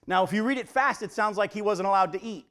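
Slightly high-voiced man teaching a sermon. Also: fast talker, fairly bright tone. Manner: conversational, asks the listeners questions. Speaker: pastor.

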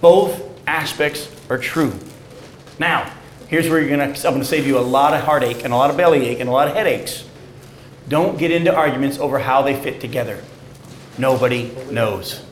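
A man preaching a sermon and reading scripture aloud, swinging between loud emphatic peaks and low, quiet stresses. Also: moderate pace, roomy sound, a little hiss or hum, low-quality recording. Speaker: pastor.

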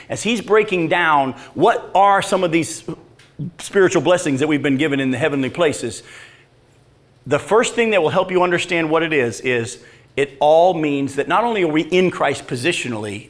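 A man preaching a sermon, reading scripture and asking the congregation rhetorical questions in an animated way. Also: fairly high pitch. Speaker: pastor.

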